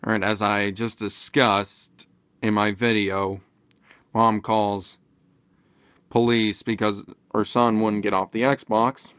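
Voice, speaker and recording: Male commentator, slow and hesitant, lots of fillers, middle pitch, dry recording. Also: level tone, fairly bright tone, clean tone, no echo. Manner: rambling, hesitant, many fillers and restarts. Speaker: video commentator. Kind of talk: casual commentary vlog.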